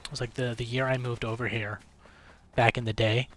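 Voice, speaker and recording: A man's voice: medium pitch, little pitch movement, a little fast, very noisy. A man livestreaming a game late at night, telling a long rambling story in casual chat, swearing freely. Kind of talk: casual chat while gaming.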